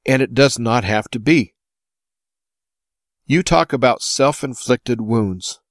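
A man's voice: mid-range voice, slow pace, no echo, clean studio sound. An American man hosting his own show, delivering an impassioned opinion monologue full of rhetorical questions. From United States. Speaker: host.

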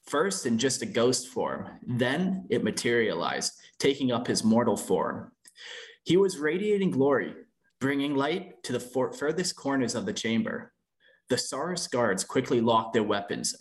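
A young man hosting a laid-back podcast, reading fan fiction aloud. He curses freely and stumbles here and there, with a middle-of-the-road pitch. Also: expressive, a little slow. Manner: loose and profane, stumbles when reading. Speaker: podcast host.

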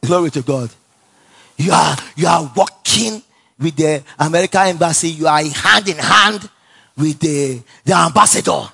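A man with a Nigerian accent preaching a sermon in an animated storytelling way, laughing often, repeating phrases and calling for responses from the congregation. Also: fairly high pitch, normal speed, creaky, slightly rough.

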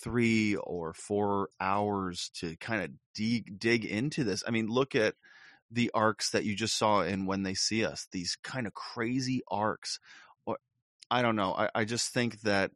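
Low-voiced chatty podcast co-host man. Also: unhurried, no room sound, studio quality. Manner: rambling, laughs often, lively impressions of others. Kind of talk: casual chat.

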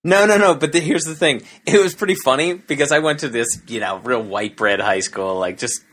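A man's voice: medium pitch, a little fast, fairly bright tone. A man co-hosting a casual comedy podcast. He spins loose, rambling anecdotes, stopping and restarting his sentences as he goes. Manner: rambling storyteller, many restarts. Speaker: podcast co-host.

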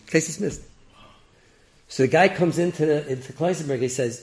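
Gravelly man telling a lively story. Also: fairly high pitch, quick pace. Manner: lively, acts out characters with rising excited voices and laughs. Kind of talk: animated oral storytelling.

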